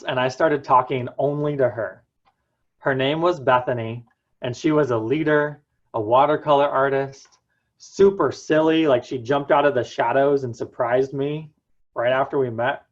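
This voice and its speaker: Slow, earnest young man telling a story. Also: mid-range voice, muffled recording. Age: young adult. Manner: earnest storytelling with dramatic pauses. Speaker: student speaker. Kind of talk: prepared personal talk.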